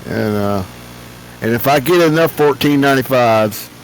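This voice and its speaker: Older man, streamer, rambling jokey chat, average pitch, faint noise behind. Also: normal speed, poor audio. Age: about 70. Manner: rambling, joking, with many restarts. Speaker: streamer hosting a flight-sim stream. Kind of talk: casual chat.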